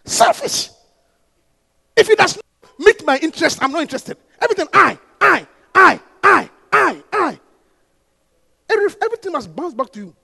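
Male pastor with a very high, bright voice; repetitive, impassioned preaching that swells into shouting. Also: sing-song, a little fast, gravelly. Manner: repetitive, call-and-response preaching. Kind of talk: sermon.

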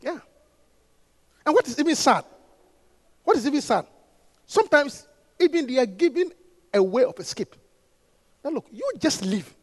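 A man preaching a sermon as pastor, repeating phrases, calling out to the congregation and rising to impassioned shouts. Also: extremely high pitch, very animated, normal speed, pauses often. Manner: repetitive, call-and-response preaching.

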